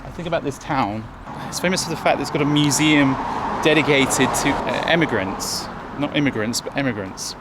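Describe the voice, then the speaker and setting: A man's voice: medium pitch, a little fast, hardly any pauses, heavy background noise. An English man hosting a casual travel vlog outdoors. He talks to the viewers directly in a chatty, rambling way. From England. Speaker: travel vlogger. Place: outdoors in a town and on a bus.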